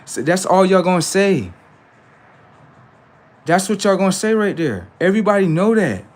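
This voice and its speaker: A man hosting a livestream, ranting in a preachy, confrontational way and talking back to his chat, swinging from loud outbursts to low mutters. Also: very animated, moderate pace. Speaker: livestream host. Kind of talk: casual livestream rant.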